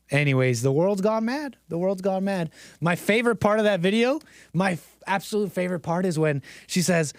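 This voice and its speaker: A man's voice: sits high, expressive, normal speed, no room sound, clean studio sound. A man hosting a live-streamed commentary show, talking in a theatrical, mock-dramatic way and repeating phrases for effect.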